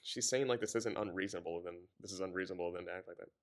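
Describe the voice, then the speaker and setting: A man's voice: low-pitched, rapid-fire. Man reading aloud with sarcastic asides. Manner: stumbles and corrects himself, sarcastic asides. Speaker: reader and commentator. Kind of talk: reading a novel aloud with commentary.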